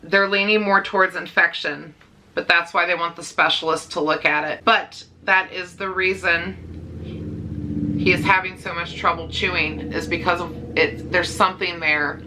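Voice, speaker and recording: A young adult woman talking casually to her viewers in a vlog, candid and a little rambling, with pauses and nervous laughs. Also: lowish voice, steady tone, background noise. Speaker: dog-care vlogger. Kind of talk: casual vlog talk to camera.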